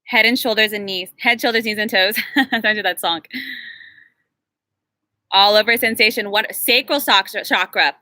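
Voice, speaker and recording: Woman healer leading a live workshop; bright, sharp voice, dry sound, encouraging, measured when guiding. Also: mid-range voice, dry recording. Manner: chatty and encouraging, slowing to a measured invocation when leading the prayer. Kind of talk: live workshop teaching and guided meditation.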